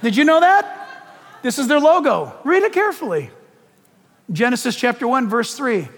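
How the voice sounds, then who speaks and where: A man preaching a sermon in an animated, joking way, putting questions to his audience. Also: very high voice, moderate pace, long reverb tail.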